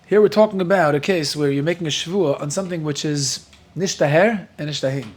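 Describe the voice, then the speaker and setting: A man whose first language is Yiddish, teaching a Talmud class in a lively, joking way. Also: a little high, a little fast. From Williamsburg, Brooklyn. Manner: lively, joking, mixes Hebrew and Yiddish terms into English.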